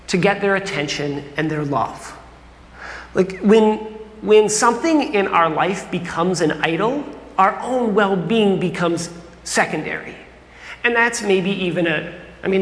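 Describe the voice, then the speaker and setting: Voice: mid-range voice, a bit bright. A pastor preaching a sermon in a casual, humorous storytelling manner, acting out quotes with energy. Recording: roomy hall with long reverb.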